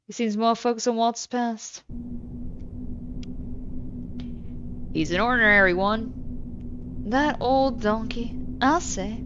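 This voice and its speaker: A woman voicing a sharp-tongued young housewife who speaks low and curt in a game. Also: muffled recording, background noise. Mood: brooding.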